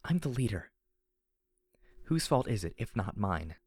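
A man's voice: fairly low pitch, big pitch swings, unhurried, a little mellow, husky, dry recording, exaggerated voice. A man voicing a guilt-ridden young mare pony leader. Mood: despairing. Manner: anguished, raised and strained. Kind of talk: audiobook reading.

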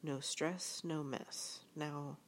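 A woman reading an audiobook in calm, measured scripted narration. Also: low-pitched, slight background noise. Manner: calm, measured, even storytelling.

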